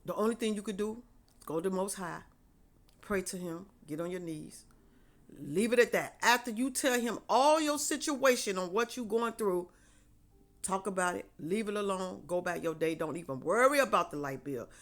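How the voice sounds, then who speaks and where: A woman's voice: medium pitch, normal speed. A woman talking casually to her viewers, encouraging them to trust God, and repeating her key phrases in a preachy, conversational way. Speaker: faith vlogger.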